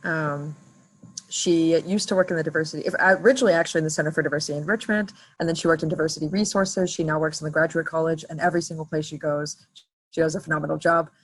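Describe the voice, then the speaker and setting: A woman's voice: deep voice, fairly even intonation, quick pace, slightly rough, low-quality recording. A woman hosting a virtual graduation reception, chatty and upbeat as she introduces each speaker over a video call. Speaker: event host.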